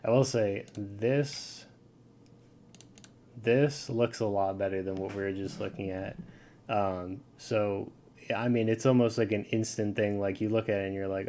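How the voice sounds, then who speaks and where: A man's voice: lowish voice, fairly even intonation, measured pace, warm tone, a little hiss or hum. A man giving a casual screen-share tutorial, talking loosely with lots of fillers over his screen. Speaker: video game guide creator.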